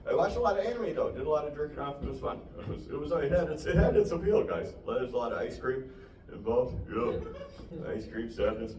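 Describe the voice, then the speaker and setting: A man's voice: mid-range voice, expressive, a little fast, a little mellow. A young man doing a stand-up set to a small audience, rambling and self-deprecating. He laughs often at his own lines. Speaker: stand-up comedian. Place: small live venue. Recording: echoey room, distant mic, noisy.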